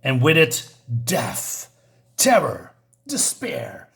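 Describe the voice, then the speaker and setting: A man's voice: on the high side, wildly swooping pitch, drawn-out words, gravelly. A man reviewing a comic book in a casual, hesitant way, reading panels aloud with frequent asides.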